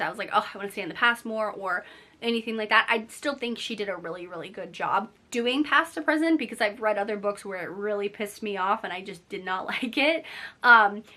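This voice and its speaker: Chatty young woman, bright voice. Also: mid-range voice. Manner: chatty and gushing, lots of "like" fillers. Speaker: book vlogger. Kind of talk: casual chat to camera. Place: at home, indoors, at night.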